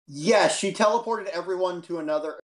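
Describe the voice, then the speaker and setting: A co-host chatting and telling stories casually on a stream, animated and quick to laugh. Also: medium pitch. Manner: animated storyteller, laughs easily.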